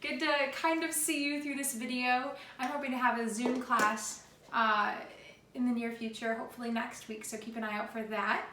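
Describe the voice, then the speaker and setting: A woman leads a music class for young children with an upbeat, encouraging voice that sits fairly high. She chants simple rhythms aloud between her instructions. The sound is roomy and distant, with loud noise behind her. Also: steady tone, moderate pace. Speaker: elementary music teacher. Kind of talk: remote music lesson for children. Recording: roomy, distant, noisy home video.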